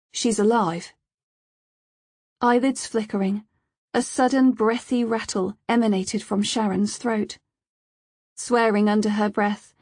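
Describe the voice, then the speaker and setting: A woman narrating a crime thriller in a steady, measured storytelling manner. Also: mid-range voice, no room sound, clean studio sound.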